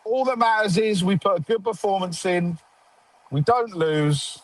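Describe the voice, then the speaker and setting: A man's voice: high-pitched, a little slow, dry recording, rough recording. A man hosting a casual football fan show, sarcastic and grumbling.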